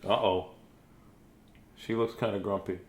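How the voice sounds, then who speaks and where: A man's voice: on the low side, fairly even intonation, unhurried. A man in his fifties reading a children's book aloud live, chatting and joking between pages. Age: 50s. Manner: chatty, jokey, digressive. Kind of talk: casual live read-aloud.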